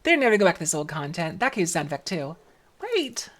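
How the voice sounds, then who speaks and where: Lively woman game streamer. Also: on the low side, fast talker. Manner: chatty, swears casually, laughs loudly. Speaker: live streamer playing a game. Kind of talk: casual live-stream commentary, reading game dialogue aloud.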